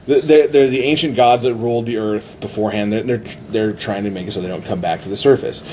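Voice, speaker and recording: A man in casual podcast chat, retelling a movie plot excitedly with many restarts. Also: on the low side, fast, a little hiss or hum. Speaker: podcast host.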